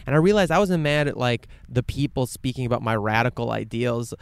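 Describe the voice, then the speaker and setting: A man musing aloud in a casual vlog in a quiet meadow, earnest and rambling, swearing often and swinging from hushed to impassioned. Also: mid-range voice, fast, few pauses, smooth, dry recording. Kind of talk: casual outdoor vlog monologue.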